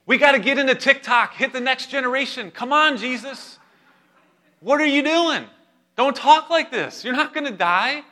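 Guy putting on an eager young disciple, high and pushy, bright edgy tone. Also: lively intonation, moderate pace, exaggerated voice. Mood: pleading. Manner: urgent, pleading, much higher pitched.

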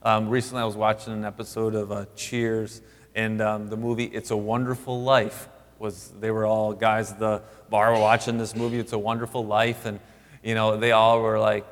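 Halting pastor with a low voice. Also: male voice, level tone, in a large hall. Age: 30s. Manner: halting, many fillers and restarts. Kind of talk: sermon.

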